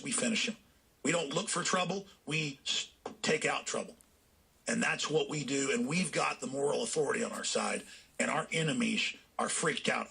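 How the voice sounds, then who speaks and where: A man hosting a talk show, delivering a fiery political rant that swings into shouting. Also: medium pitch, creaky, breathy edge.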